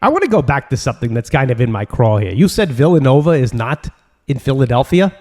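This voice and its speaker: A man co-hosting a comedy talk show, loud and mocking with over-the-top bravado. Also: mid-range voice, sing-song, quick pace. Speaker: comedy podcast co-host.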